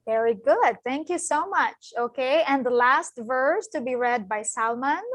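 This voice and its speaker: A woman's voice: high-pitched, lively intonation, unhurried, dry recording, rough recording. A middle-aged woman giving an online guest lecture, encouraging and laughing often, speaking over a video call. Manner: warm encouraging, laughs often, fillers like "you know". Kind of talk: online lecture with volunteer readings.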